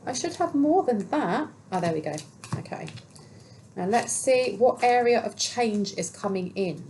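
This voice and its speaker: A woman's voice: a little high, lively intonation, a little slow, a little mellow, a little hiss or hum, poor audio. Chatty woman giving a tarot reading. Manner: chatty, rambling, many fillers and restarts; talks to herself while handling cards. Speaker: tarot reader. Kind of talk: casual collective tarot reading.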